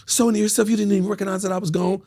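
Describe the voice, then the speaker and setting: A man's voice: high-pitched, steady tone, rapid-fire, a little mellow, voice pushed up. A man voicing his girlfriend, a young woman who brushes off questions in a sweet, evasive way. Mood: breezy. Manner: sweet-talking, breezy, evasive.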